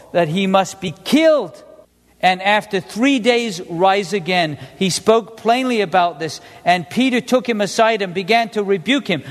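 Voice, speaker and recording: A man with a high voice preaches a sermon with lively energy, quizzing his congregation as he goes. His voice carries a long reverb, as if he were recorded in a large hall. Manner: animated, asks the congregation questions.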